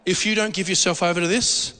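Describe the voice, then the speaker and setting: A man preaching a sermon in a church hall, animated and jokey, asking the congregation questions. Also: high-pitched, quick pace. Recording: long hall reverb.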